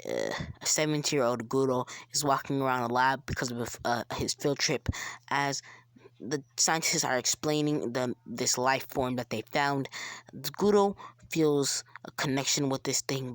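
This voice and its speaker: A young fan storyteller rambles through a homemade crossover tale with plenty of fillers and restarts, now and then dropping into a whisper. The voice sits at a middling pitch and is recorded close and dry. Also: normal speed, no echo. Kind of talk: casual amateur story narration.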